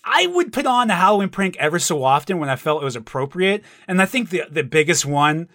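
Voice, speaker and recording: A man with a bright, fairly high voice co-hosting a laid-back podcast. He laughs easily and keeps the chat moving, and his voice sounds close and dry with no room echo. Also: big pitch swings, fairly quick. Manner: easygoing, laughs often, steers the topic. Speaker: podcast co-host. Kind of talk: casual podcast banter.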